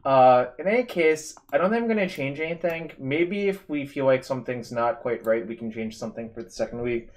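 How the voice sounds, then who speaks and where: A man's voice: mid-range voice, brisk, hardly any pauses. A man hosting a live game stream, analyzing plays in a casual, thinking-aloud way. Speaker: streamer host. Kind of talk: casual gaming commentary.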